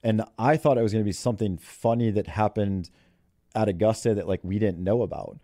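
Man, head golf coach, chatty storyteller, laughs a lot, mellow tone. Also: on the low side, brisk, no room sound, studio quality. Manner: chatty, laughs often while telling stories. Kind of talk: interview storytelling.

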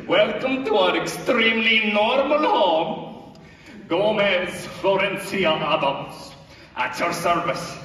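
A man's voice: high-pitched, slow, bright, forceful tone, full character voice. A man playing a flamboyant, gallant father in a stage musical, recorded in an echoey hall from far away. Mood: grandiose. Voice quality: theatrical, grand and playful.

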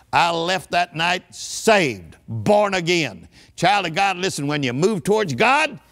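A man's voice: fairly high pitch, a bit bright. An older man preaching a sermon, emphatic and rousing, calling on the audience to answer back. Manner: emphatic call-and-response preaching.

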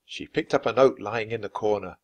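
A man reading a children's chapter book aloud, narrating clearly and expressively. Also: lowish voice, a little fast, a little mellow. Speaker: storybook reader.

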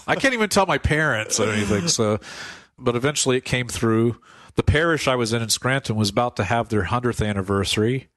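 A man in a casual radio talk, his voice at an ordinary middle pitch, who tells stories with plenty of laughter. He acts out the voices of the people he quotes, recorded close and dry in a studio. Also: lively intonation, brisk, few pauses, a bit bright, dry recording. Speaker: priest guest. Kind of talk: casual storytelling interview.

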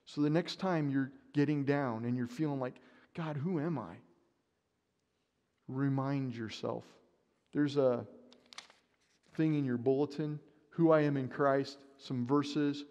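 A man's voice: mid-range voice, fairly even intonation, unhurried, a little mellow, lo-fi sound. A man preaching a sermon, telling a story with animation and acting out his own panic. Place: church sanctuary. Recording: long church reverb.

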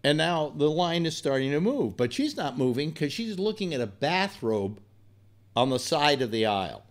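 A man's voice: a little high, very animated, normal speed. An older man hosting a talk show, telling a rambling personal story in a blunt, profane, exasperated way. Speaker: radio talk host.

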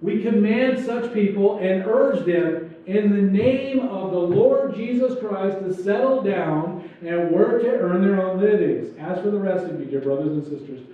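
High-voiced pastor preaching in an echoey church. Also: male voice, a little slow, hardly any pauses. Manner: conversational, jokey preaching with acted-out asides. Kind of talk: sermon. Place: church sanctuary. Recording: echoey church hall, distant dull mic.

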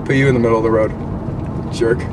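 A young man in a car giving his dog a deadpan, mock-betrayed scolding, as if she were a person. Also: medium pitch, fast talker. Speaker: dog owner. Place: inside a parked car. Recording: noisy car interior.

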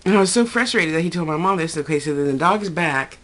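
A woman's voice: fast talker, hardly any pauses. Chatty woman rambling through a dream. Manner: chatty, digressive, quotes people in a higher voice. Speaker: vlogger recounting a dream. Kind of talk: casual rambling storytelling.

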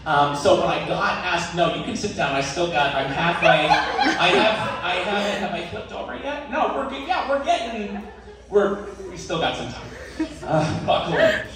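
A man's voice: high-pitched, lively intonation, moderate pace, a crowd in the background. A man hosting a stand-up comedy show, rambling and self-deprecating, laughing through his lines. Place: live comedy venue on stage. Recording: echoey room, distant mic, loud noise.

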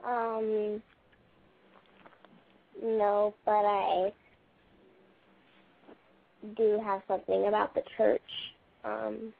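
Hesitant woman caller; flat, slow, phone line. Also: mid-range voice, vocal fry. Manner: hesitant, halting. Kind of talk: call-in talk.

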